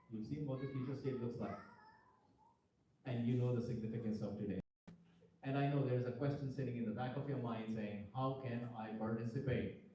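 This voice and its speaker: A man's voice: medium pitch, a little hiss or hum. Man announcing, echoey and distant. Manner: enthusiastic, rising to loud exclamations. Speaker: ceremony announcer. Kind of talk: speaking to devotees at a ceremony. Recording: very echoey, from far off the mic.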